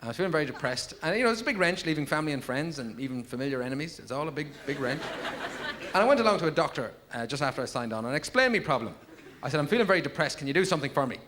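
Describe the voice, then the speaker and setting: An Irish man in his thirties doing live stand-up, telling rambling stories in a deadpan way with sudden high yelps. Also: rapid-fire. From Ireland. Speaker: stand-up comedian. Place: packed theatre with laughing audience. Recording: 1990s VHS tape with audible noise.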